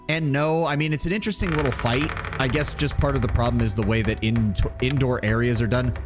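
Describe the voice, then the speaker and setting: A man talks casually over his gameplay in a mid-pitched voice. He rambles and thinks aloud, and his delivery swings up and down a lot. Game music plays clearly behind him. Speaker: streamer.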